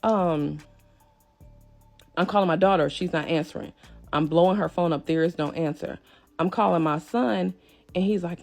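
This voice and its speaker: A woman telling a personal family story to her viewers in a casual, animated way, often speaking to them directly as y'all. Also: lowish voice, moderate pace, creaky, long pauses, faint music behind.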